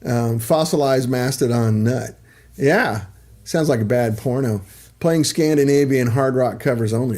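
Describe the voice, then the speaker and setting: A man's voice: medium pitch, a little slow, warm tone. A middle-aged man hosting a casual livestream, chatting in a rambling way with lots of ums and asides. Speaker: livestream host.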